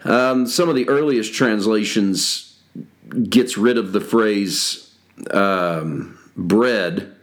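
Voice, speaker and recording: A man's voice: on the low side, fairly bright tone. A man giving a conversational devotional Bible teaching for a podcast, stopping now and then to correct himself and start over. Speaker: pastor.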